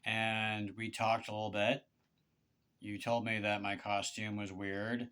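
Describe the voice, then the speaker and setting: A man speaks in a fairly low register with a smooth, clear tone. He talks straight to one person in a confessional monologue, halting and aggrieved, stumbling into repeated words and restarts as he pleads his case. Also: level tone, fairly bright tone. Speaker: vlogger.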